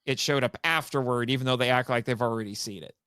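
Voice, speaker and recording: A man's voice: mid-range voice, fast talker, bright, forceful tone, clear, resonant tone, no room sound, clean studio sound. A man hosting a podcast in casual chat, rambling and correcting himself as he goes, laughing often. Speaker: podcast host.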